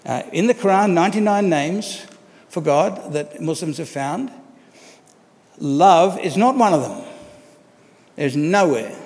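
Man, pastor, conversational sermon, rhetorical questions, slightly high voice, long church reverb. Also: darkish tone.

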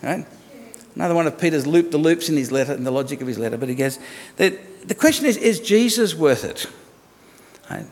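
A man's voice: a little high, lively intonation, brisk, darkish tone, long reverb tail. A man, preaching a sermon in a conversational way and asking the congregation rhetorical questions. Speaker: pastor.

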